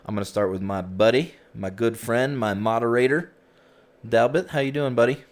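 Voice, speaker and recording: A man's voice: mid-range voice, moderate pace. A man hosting a virtual reality group session in a casual, easygoing way, chatting with frequent fillers, speaking through a headset mic.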